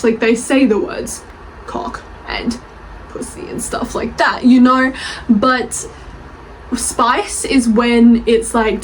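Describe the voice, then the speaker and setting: A woman's voice: a little high, a little hiss or hum, rough recording. A young woman chatting in a rambling, gushing way about her favorite books, swearing casually and laughing as she goes. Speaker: book reviewer and author. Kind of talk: casual bookish vlog chat.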